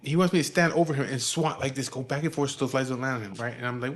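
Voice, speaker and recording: A man's voice: medium pitch, fairly even intonation, quick pace, hardly any pauses. A man telling a story in a casual, profane, laid-back way.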